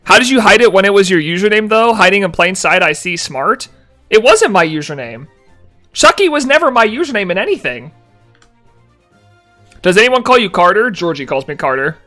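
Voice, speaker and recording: Young man, high voice, live-stream chat, mock-annoyed, reads chat aloud, faint background music. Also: very animated, normal speed, bright, forceful tone.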